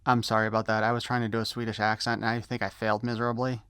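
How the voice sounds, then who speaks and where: A man's voice: fairly low pitch, level tone, racing, hardly any pauses, a bit bright, smooth, no echo, studio quality. A man doing a casual unboxing review of an action figure, rambling and correcting himself as he goes. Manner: rambling, self-correcting, easily sidetracked. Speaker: toy reviewer.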